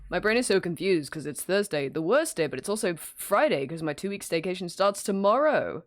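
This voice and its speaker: A woman's voice: lowish voice, very animated, fairly quick. A woman streaming live in casual chat, greeting viewers by name and laughing often as she works from home.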